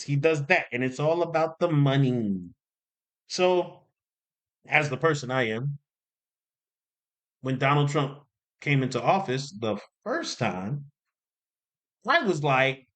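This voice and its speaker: A man talking casually to camera as a commentary host, animated and repeating points for emphasis. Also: fairly high pitch. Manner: animated, repeats himself for emphasis, jokey asides. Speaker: commentary YouTuber.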